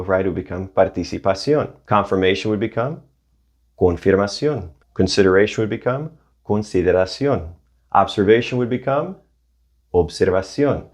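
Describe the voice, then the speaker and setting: A man teaching a video language lesson, upbeat and asking the viewer questions as he goes. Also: fairly low pitch. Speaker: Spanish teacher.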